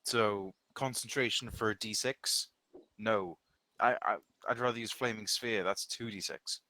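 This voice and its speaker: A man's voice: fairly low pitch, fairly even intonation, a little slow, pushed and bright, no room sound. A man playing in a tabletop game, thinking aloud as he reads spell rules and weighs his options. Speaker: player. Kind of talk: casual tabletop game chat.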